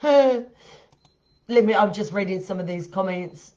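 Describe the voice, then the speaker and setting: A woman's voice: medium pitch, unhurried, mellow, muffled recording. A woman telling a crude story on a live stream, bluntly and with lots of swearing, often laughing at herself. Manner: blunt and heavily profane.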